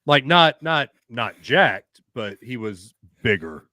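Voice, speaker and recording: Laid-back male co-host, quick reactions, mid-pitched voice, dry close mic. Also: lively intonation, sharp tone, no room sound. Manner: easygoing, short reactions and asides. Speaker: podcast co-host. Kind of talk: casual chat.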